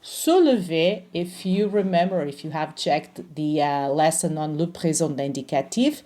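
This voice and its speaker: A woman teaching French grammar in English, explaining patiently and slowing down to pronounce each French example. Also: low voice, dark tone. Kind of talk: grammar lesson.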